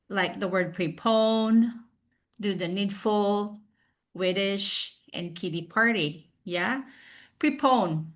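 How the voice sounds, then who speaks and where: A woman talks through a recorded lesson over a video call, taking her time with each phrase. Her voice sits at an ordinary middle pitch. She hesitates often, filling gaps with "uh" and "um", and carefully sounds out her examples. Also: a bit bright. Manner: hesitant, with frequent fillers and restarts; slowly sounds out example pronunciations. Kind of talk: recorded slide presentation.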